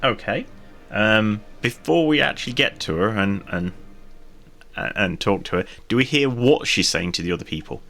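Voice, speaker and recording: A man playing a tabletop game, talking in a playful, halting way with restarts. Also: fairly low pitch, expressive, vocal fry, sharp tone, faint music behind. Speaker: player.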